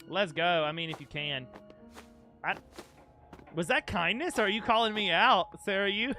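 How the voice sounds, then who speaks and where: A man's voice: high-pitched, animated, a little fast, bright, forceful tone, faint music behind. A young man streaming a game, chatting casually and playfully with his chat. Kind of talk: casual live-stream chat over gameplay.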